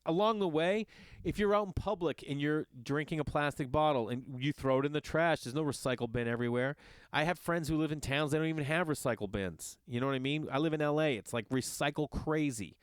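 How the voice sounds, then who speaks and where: A middle-aged man ranting in a casual monologue, swearing often and jumping between loud outbursts and muttered asides. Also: a little high, fairly quick, smooth, dry recording, clean studio sound. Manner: ranting, profane, animated. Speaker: podcast host. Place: Los Angeles.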